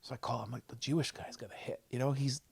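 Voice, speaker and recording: A man, a comedian guest on a podcast, telling a story with a profane, excitable manner and loud acted-out quotes. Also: medium pitch, fast talker, vocal fry, slight background noise. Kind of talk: animated storytelling. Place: podcast studio.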